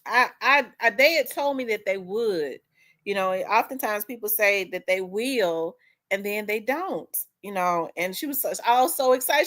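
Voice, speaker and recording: A woman's voice: fairly high pitch, normal speed, fairly bright tone. A woman, hosting a show and telling an emotional, rambling story in casual chat. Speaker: host.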